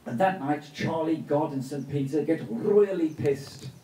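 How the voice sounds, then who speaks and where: Man, live storyteller, playful asides, mellow voice, roomy echo from a distant mic. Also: on the high side, measured pace, slight background noise. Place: festival stage.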